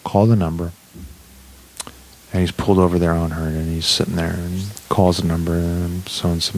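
In a casual podcast chat, a male co-host with a deep voice tells a crude joke story at a brisk clip, swearing constantly. He's a profane, animated storyteller who acts out every quote, and there's a little hiss or hum in the audio.

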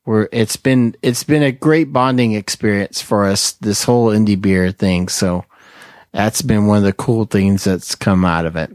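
A man's voice: fairly low pitch, a little slow, darkish tone, dry recording, clean studio sound. A man hosting a podcast, chatting in a jokey, laid-back way with friends. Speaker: podcast host. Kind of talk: casual chat.

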